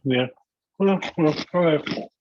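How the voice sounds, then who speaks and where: A man's voice: a little high, slow, dry recording, highs cut off. A man playing in an online tabletop game, talking casually in character. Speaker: player.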